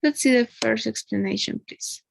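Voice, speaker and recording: A woman's voice: a little high, moderate pace, creaky, a little hiss or hum, low-quality recording. A woman teaching an English grammar lesson one on one, explaining patiently and often checking in with a tag question.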